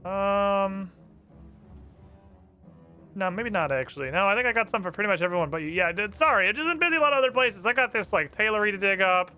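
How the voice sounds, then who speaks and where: Male streamer, casual gameplay chat, high voice, bright tone, faint background music. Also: quick pace, smooth. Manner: chatty and animated, with fillers.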